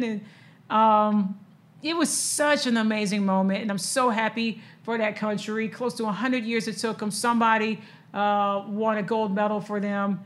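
A woman talking casually about the news. Her voice sits a little high, and she speaks in a chatty, emotional way, full of fillers and restarts. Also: fairly even intonation, moderate pace.

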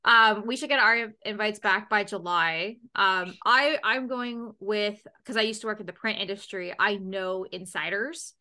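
Bright-voiced bubbly young woman host. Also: mid-range voice. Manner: bubbly, quick asides, repeats words when starting. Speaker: podcast host. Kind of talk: casual chat.

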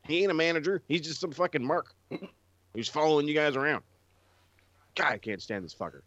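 A man's voice: fairly high pitch, animated, moderate pace, a bit bright, no echo, highs cut off. A man on a wrestling podcast, ranting in a casual, profane way and mimicking people he mocks. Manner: profane, ranting, quotes people in mocking voices. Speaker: podcast co-host. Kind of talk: casual chat.

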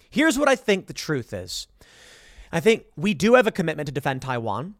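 A man's voice: a little high, sing-song, normal speed, no room sound, studio quality. A man hosting a political commentary show, reading headlines aloud and mocking them with sarcastic emphasis.

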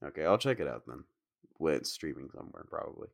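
A man with a very deep voice picks apart a film in relaxed podcast chat. He sounds blunt, critical and loose with his swearing. The recording is dry and close, with no room echo. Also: fast talker, vocal fry. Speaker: podcast co-host. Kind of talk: casual film discussion.

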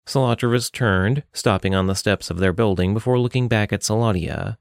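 A man narrating an audiobook with an expressive reading. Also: lowish voice, fairly quick, vocal fry, hardly any pauses, dry recording, studio quality.

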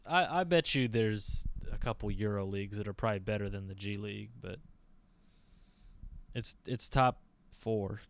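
A man's voice: lowish voice, normal speed. A man co-hosting a podcast in a casual chat, easygoing and a bit hesitant, asking questions. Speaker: podcast co-host. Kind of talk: casual chat about basketball.

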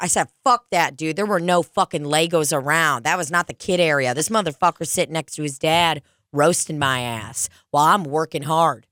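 A woman's voice: sits low, normal speed, few pauses, fairly bright tone, no echo, clean studio sound. A young adult woman hosting a podcast, telling a rambling, profane story in casual chat. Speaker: podcast host.

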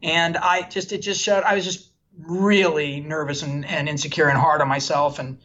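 A man's voice: on the high side, fairly even intonation, normal speed, fairly bright tone, highs cut off. A man, a film director, telling a candid, self-deprecating story from his career in a guest interview. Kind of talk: animated anecdotal storytelling.

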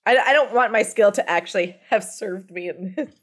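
A woman playing a tabletop game, animated, joking and boastful in the banter. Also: medium pitch, normal speed. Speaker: player.

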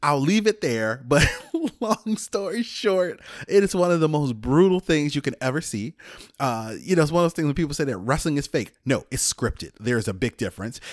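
Brief: man in his thirties, mid-pitched, dry close sound, casual podcast storyteller who rambles and chuckles. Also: no room sound. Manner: rambling, chuckles often, many fillers. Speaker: podcast host.

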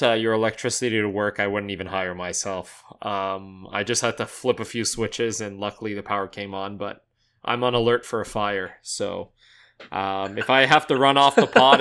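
A man's voice: fairly low pitch, steady tone, normal speed, a bit bright, smooth. A man on a sports podcast, joking about himself with dry, self-deprecating humor. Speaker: podcast co-host. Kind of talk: casual sports chat.

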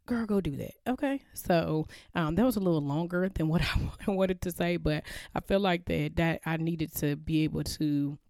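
Soft-spoken woman with a gravelly voice. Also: deep voice, fairly even intonation, moderate pace, dry recording, studio quality. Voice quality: slightly crackly, gravelly voice. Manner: open, earnest, filler-heavy, talks quietly to avoid waking others. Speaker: podcast host. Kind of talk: casual chat to listeners. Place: child's bedroom at home.

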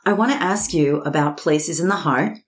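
Low-voiced woman hosting a podcast. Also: moderate pace. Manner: eager listener who reacts with gasps and warm interjections. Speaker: podcast host. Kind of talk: podcast interview.

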